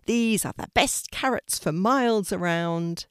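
A woman voicing a friendly, protective male white rabbit in a storybook reading, in a high, bright, excited voice. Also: unhurried, smooth, dry recording, studio quality, lightly acted. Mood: lively.

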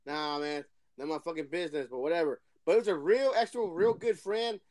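A man co-hosting an online chat, rambling in halting, profane phrases. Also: fairly high pitch, darkish tone, no echo, studio quality. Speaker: podcast co-host. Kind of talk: casual chat. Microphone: online voice call.

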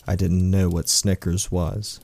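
A man reading a first-person horror story aloud as a storyteller, in a slow, brooding way. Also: deep voice, little pitch movement, creaky, darkish tone.

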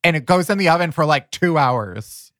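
A man guesting on a podcast, making quick joking asides in casual chat. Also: fairly high pitch, animated, fairly bright tone, no echo, clean studio sound.

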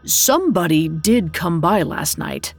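A woman's voice: fairly low pitch, lively intonation, measured pace, breathy edge, soft background music, full character voice. A woman voicing a wounded young male soldier, speaking earnestly and humbly.

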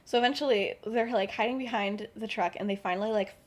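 A young woman with a medium-pitched voice speaks fast as she casually retells a story on a podcast she co-hosts. She rambles with lots of fillers, acting out characters' lines and laughing.

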